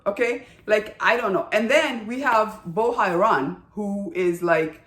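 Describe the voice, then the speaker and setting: A woman's voice: medium pitch, expressive, a little slow, few pauses, fairly bright tone. Chatty woman reviewer in a roomy space. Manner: emphatic, chatty, with frequent "right?" and "okay?" tags. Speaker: TV drama reviewer. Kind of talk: casual review chat. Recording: roomy echo.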